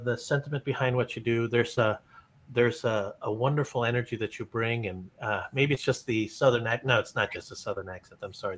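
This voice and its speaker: A man hosting an interview podcast, full of praise and stumbling over his words with frequent restarts. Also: medium pitch. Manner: warm praise with many restarts. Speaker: podcast host. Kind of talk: interview chat.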